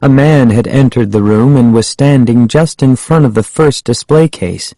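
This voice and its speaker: A man narrating a storybook in a measured first-person telling. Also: mid-range voice, dark tone, dry recording, low-quality recording. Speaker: audiobook narrator.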